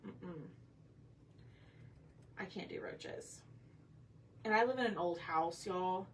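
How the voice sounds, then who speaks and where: A woman paints on her craft livestream and talks casually with viewers in a fairly low voice at a slow pace. She sits far from the mic, a bit off it, with faint room noise.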